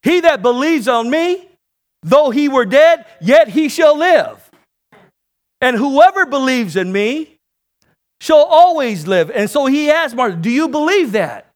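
A man preaching a sermon, calling for amens from the congregation and building to shouted peaks. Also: extremely high pitch, sing-song, measured pace. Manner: call-and-response preaching, rising to shouts.

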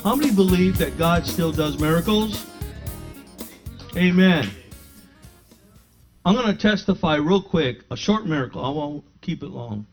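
Middle-aged pastor telling a testimony. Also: male voice, fairly high pitch, measured pace, long pauses, soft background music. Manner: animated storyteller who acts out both sides of a dialogue. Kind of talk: sermon with personal testimony. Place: his own home living room. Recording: slightly dull lo-fi sound.

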